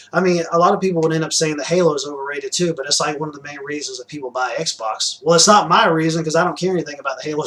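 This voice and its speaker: A young man with a voice a little higher than most talks through his new game purchases. He rambles in a loose, chatty way, full of fillers, restarts and casual swearing. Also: a bit bright, rough recording. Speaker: gaming vlogger showing new purchases. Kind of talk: rambling casual vlog chat.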